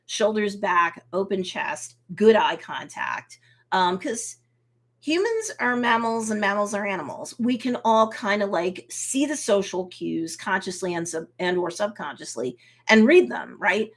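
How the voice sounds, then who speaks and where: A woman hosting a casual live review of a TV episode, recapping scenes in a lively way, acting out the characters' reactions, and slipping into motherly advice. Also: fairly high pitch. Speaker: host and TV reviewer.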